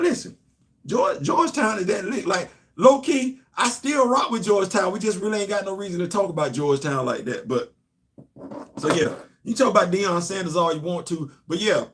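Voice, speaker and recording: A man hosting a casual live-stream show, animated and laughing often as he chats about football. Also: high-pitched. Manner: animated, laughing often, Southern colloquial talk. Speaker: show host.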